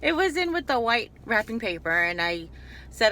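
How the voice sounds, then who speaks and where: Bright-voiced chatty woman vlogger. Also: a little high, very animated, brisk. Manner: chatty, digressive, self-interrupting. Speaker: YouTube haul vlogger. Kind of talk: casual rambling haul video.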